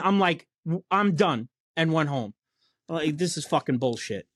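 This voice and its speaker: A man with a high-pitched voice trades blunt, profane work stories in loose, casual chat. The sound is close and dry, with no room around him. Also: expressive, moderate pace, dry recording. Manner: profane, storytelling, blue-collar banter.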